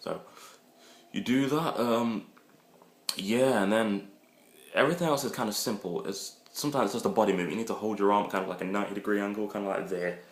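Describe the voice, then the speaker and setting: A man's voice: lowish voice, a little fast. A man rambling through crude, joking dating advice in a casual comedic monologue. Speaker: vlogger giving dating advice. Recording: echoey room.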